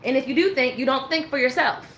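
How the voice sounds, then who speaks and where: A woman rants her way through a tarot reading, blunt and swearing freely. Her voice sits a little high. The room is echoey, with a faint hum underneath. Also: fast, fairly bright tone. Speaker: tarot reader. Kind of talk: casual tarot reading monologue.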